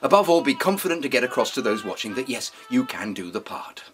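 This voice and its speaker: A man giving an acting lesson in a pompous, deadpan, mock-serious way. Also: medium pitch, quick pace, faint music behind. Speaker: acting teacher. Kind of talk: mock-serious instructional talk.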